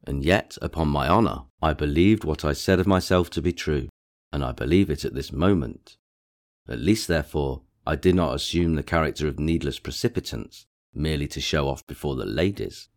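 A man reading an easygoing young gentleman, deep-voiced. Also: moderate pace. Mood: genial. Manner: genial, protesting lightly.

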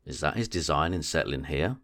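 A man reading aloud voices a dry, teasing older husband in an understated, unhurried way. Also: very deep voice, lively intonation, fairly bright tone, heavily acted.

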